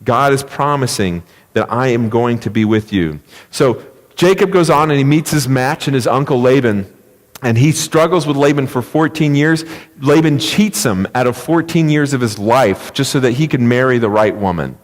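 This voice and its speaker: Brief: male pastor, mid-pitched, lively storytelling sermon, long church reverb. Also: normal speed. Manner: storytelling, emphatic, conversational. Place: church sanctuary.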